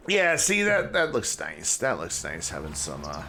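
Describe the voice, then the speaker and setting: A man's voice: low voice, huge pitch swings, normal speed, gravelly, hardly any pauses, pushed and bright, slight background noise. A man streaming a city-building game, joking and rambling as he thinks aloud. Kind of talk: casual gameplay commentary.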